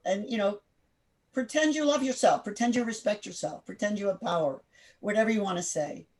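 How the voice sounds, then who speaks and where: A woman leading an interactive online class over a video call, direct and firm, quizzing the group with quick questions. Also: medium pitch, lively intonation, darkish tone. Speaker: workshop instructor.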